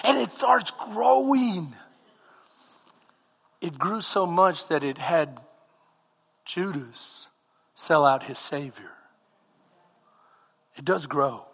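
A man preaching a sermon as comic storytelling, animated and now and then breaking into shouts. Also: a little high, very slow, creaky, pauses often, breathy edge, in a large hall. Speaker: pastor.

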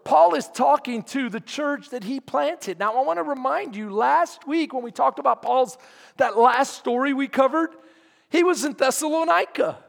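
A man's voice: extremely high pitch, normal speed, gravelly, in a large hall. A man preaching a sermon as pastor, emphatic and quizzing his congregation. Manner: emphatic, asks the congregation questions.

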